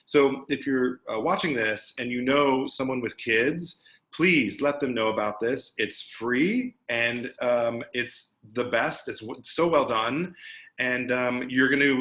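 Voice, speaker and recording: A man's voice: medium pitch, pushed and bright. A man co-hosting an interview show, talking in an enthusiastic, encouraging way. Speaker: co-host. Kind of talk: casual interview chat.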